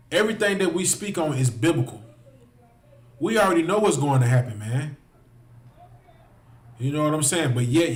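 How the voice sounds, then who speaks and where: Impassioned preacher man, echoey. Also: fairly high pitch. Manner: impassioned, repeats phrases, addresses listeners directly. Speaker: street preacher. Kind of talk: heated preaching to a livestream.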